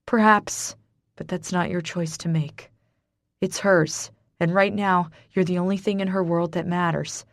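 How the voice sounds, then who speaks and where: A woman voicing a steady male friend who talks firmly and bluntly to calm someone, in an audiobook. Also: fairly low pitch, unhurried, no room sound, studio quality. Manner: firm, calming, blunt. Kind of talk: audiobook character voice.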